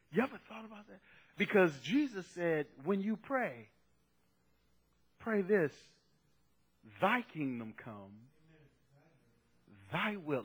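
Male pastor, sermon, very high bright voice, emphatic and urging. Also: slightly rough. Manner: emphatic, repeats "listen" and "come on", swings from soft to shouting.

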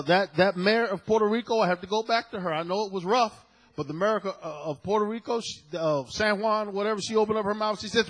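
Husky high-voiced preacher guy, goes from soft to shouting. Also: low-quality recording. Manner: swings from soft low asides to loud shouted peaks. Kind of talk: sermon.

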